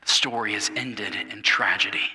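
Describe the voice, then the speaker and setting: A man preaching a sermon as pastor, telling the story dramatically, dropping to hushed tones and repeating words as he goes. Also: fairly low pitch, fairly even intonation, normal speed, husky. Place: church sanctuary. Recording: reverberant church hall.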